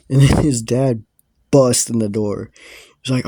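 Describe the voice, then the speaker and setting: A man's voice: medium pitch, steady tone, a little fast, warm tone, dry recording, studio quality. A young man casually telling a rambling story to his viewers, full of fillers and swearing.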